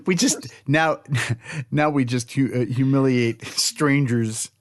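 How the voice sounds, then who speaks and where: A man co-hosting a podcast, speaking earnestly with halting restarts. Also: mid-range voice, no echo, studio quality. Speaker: podcast co-host. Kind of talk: casual chat.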